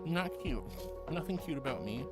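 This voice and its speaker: A woman's voice: low voice, very animated, a little fast, over music. A woman streamer chatting casually and reading her chat aloud, playful and teasing, with mock protests. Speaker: VTuber streamer.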